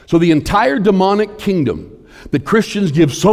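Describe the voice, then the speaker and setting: A man preaching a sermon, swinging between forceful emphasis and hushed near-whispers in a building, repetitive cadence. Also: high voice, animated, moderate pace. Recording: long hall reverb.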